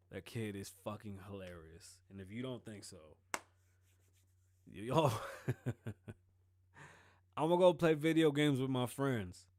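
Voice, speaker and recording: A man's voice: on the low side, a little mellow, no echo, studio quality. A man hosting his own show in casual solo commentary, rambling and joking with a lot of profanity. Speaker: show host.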